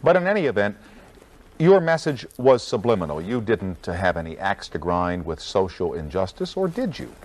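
A man hosting a late-night television interview, asking deliberate, probing questions with a dry wit. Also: fairly low pitch, big pitch swings. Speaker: talk show host. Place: television studio set.

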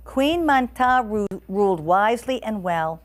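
A woman reading a storybook aloud to listeners as the storyteller, expressive and animated. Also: mid-range voice, a little slow.

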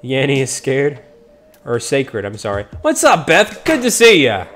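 A man's voice: mid-range voice, huge pitch swings, measured pace, a bit bright, faint music behind. A man streaming online matches with viewers, chatting casually and greeting and teasing them by name. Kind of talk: casual live-stream chat.

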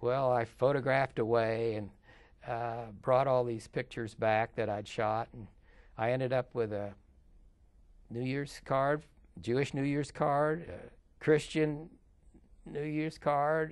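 A man's voice: mid-range voice, a little mellow. Older man telling rambling anecdotes. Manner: rambling, chatty, with filler pauses. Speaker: interview guest, underwater photographer. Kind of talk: casual interview storytelling.

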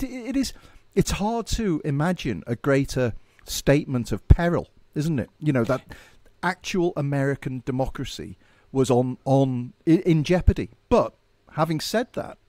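A man co-hosts a political podcast in a medium-pitched voice. He speaks in an animated way, often stammering over his opening words, and tends to ask rhetorical questions. The recording is dry and close. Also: no echo. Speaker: podcast co-host. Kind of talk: casual political chat.

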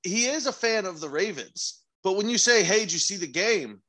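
Young male co-host, slightly higher bright voice, animated exasperated storyteller, casual sports chat show. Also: moderate pace, rough recording. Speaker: podcast co-host. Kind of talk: casual podcast banter.

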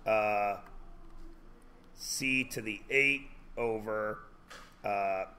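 Male teacher lecturing a class, unhurried and wry, faint room noise. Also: fairly low pitch, sharp tone. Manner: joking, drawn-out teacherly questions. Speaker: high school math teacher.

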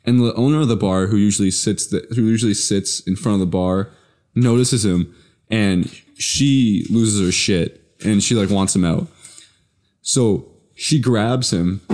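A man with a fairly low voice co-hosts a podcast in easygoing chat. He tells stories haltingly, leaning on "like" and restarting his sentences. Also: darkish tone. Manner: halting, filler-heavy storytelling. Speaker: podcast co-host. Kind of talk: casual chat.

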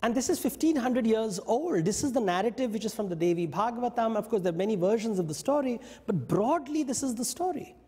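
A man giving a lecture, telling stories in an animated way and briefly acting out what the characters say. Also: high voice, long reverb tail. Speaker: invited speaker. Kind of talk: lecture on mythology. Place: yoga studio talk.

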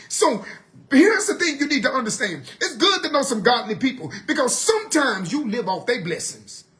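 A man leading an evening Bible study in a sermon style, asking the listeners rhetorical questions and swinging between loud urging and quiet asides. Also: very high voice, sing-song, normal speed.

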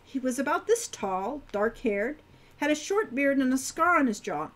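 A woman's voice: sits high, expressive, moderate pace, a bit bright, voice pushed up. A woman voicing a curious teenage girl adventurer who talks casually and asks eager questions.

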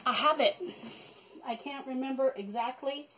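A woman chatting excitedly to camera about her cross-stitch projects, rambling with many asides. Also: sits high, normal speed, background noise. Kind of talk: casual chat to camera. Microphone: phone camera.

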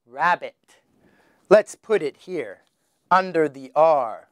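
A man teaching children their letters, slowly sounding out each one with exaggerated emphasis. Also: fairly high pitch, very animated, a bit bright, dry recording, clean studio sound. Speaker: English teacher. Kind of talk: children's phonics lesson.

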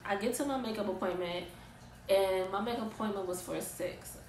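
A young woman telling an animated, exasperated storytime vlog in casual slang. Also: mid-range voice, normal speed, reverberant, slight background noise, low-quality recording. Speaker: vlogger.

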